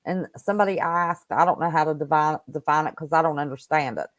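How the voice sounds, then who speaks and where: A woman's voice: sits low, animated, fast, no room sound. A woman hosting a casual livestream, chatting and greeting viewers by name. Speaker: host. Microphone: home computer mic on wired connection.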